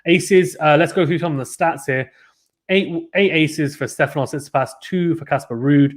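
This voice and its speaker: Guy doing casual tennis play-by-play on a stream, chatty, fairly high voice, gets excited on big points. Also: normal speed. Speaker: live-stream tennis commentator. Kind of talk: casual play-by-play watchalong commentary.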